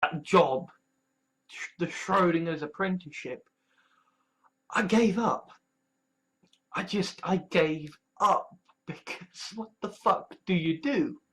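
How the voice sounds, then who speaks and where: A man's voice: sits high, slow pace, pauses often, a bit bright. A man talking casually and profanely, asking exasperated rhetorical questions. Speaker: host. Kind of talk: casual ranting commentary.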